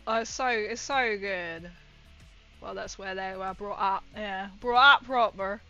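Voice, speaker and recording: Northern english woman chatting on stream while she paints, bright voice, soft music behind. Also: mid-range voice, measured pace, dull audio. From northern England. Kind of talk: casual livestream chat while painting. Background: faint music.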